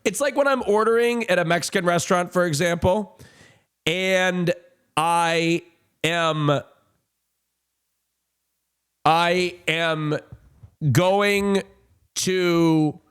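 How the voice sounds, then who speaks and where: A man's voice: high voice, very slow, long pauses, fairly bright tone, clean tone. A man streaming casually to his chat, rambling and camp, with crude jokes. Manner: rambling, camp and crude, swinging from chirpy to mutter.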